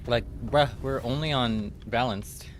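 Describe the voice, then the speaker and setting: A man's voice: medium pitch, measured pace, a little hiss or hum. A man streams a video game with casual, blunt, joking commentary. His voice sits mid-range, and his manner stays offhand. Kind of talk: casual let's-play commentary.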